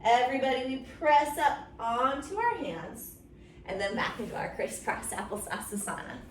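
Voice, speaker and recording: A kids' yoga teacher speaks at normal speed in a voice that sits on the high side, with lively intonation. She guides a story time playfully and encouragingly, throwing in silly animal sounds, and is recorded from a distance in a roomy space with faint noise.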